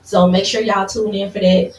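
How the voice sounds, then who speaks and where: A woman's voice: medium pitch, level tone, normal speed. An easygoing woman co-host with a mid-range voice, making announcements and teasing her partner. The sound is distant and echoey, with a faint hiss underneath. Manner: easygoing, teasing, laughs through lines. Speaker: podcast co-host. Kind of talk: casual chat. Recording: echoey room, far from mic, faint noise.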